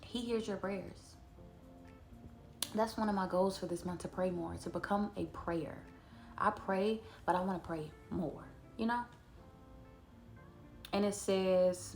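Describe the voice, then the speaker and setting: A woman, chatting earnestly about scripture and slowing down to read verses aloud. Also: medium pitch, darkish tone, faint music behind. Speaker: Bible study vlogger. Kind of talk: casual devotional talk to camera.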